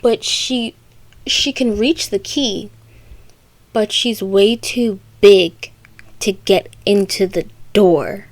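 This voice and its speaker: A woman's voice: medium pitch, slow pace, no room sound. A young woman recapping a story for comedy, with sarcastic, rambling asides. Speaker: video creator.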